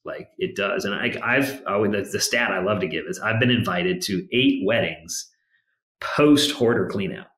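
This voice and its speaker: A man's voice: on the low side, normal speed, a bit bright. A man speaking as a podcast guest in a casual interview, telling stories in a rambling way full of fillers. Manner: rambling, filler-heavy storytelling. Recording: roomy echo.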